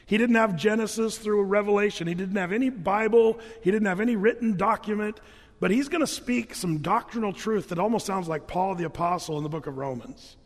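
A man's voice: sits high, fairly quick, long reverb tail. A man pastor preaching a sermon, telling Bible stories in a casual, humorous way. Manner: conversational, humorous storytelling preacher.

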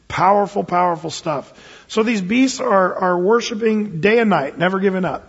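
Male pastor, sermon delivery, slightly husky voice, reverb of a big church hall. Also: high voice, moderate pace. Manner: earnest preaching with reflective asides and scripture reading. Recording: dull sound with long hall reverb.

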